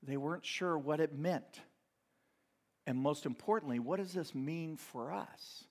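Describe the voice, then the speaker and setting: A man's voice: on the high side, a little slow. A man preaching a sermon in a conversational way, with asides and light laughter. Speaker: pastor.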